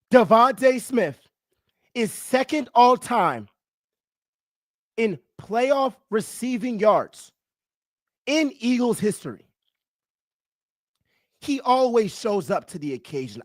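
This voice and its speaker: Young man, high-pitched fan streamer, excitable trash talk, dry close mic. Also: no room sound. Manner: excitable, chanting and singing, trash-talking. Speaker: sports reaction streamer. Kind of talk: hyped fan reaction commentary.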